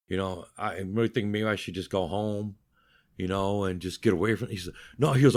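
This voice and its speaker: A man with a fairly low voice talks fairly quickly. He's an older guest in an interview, telling lively anecdotes with wry humor and acting out the voices of other people.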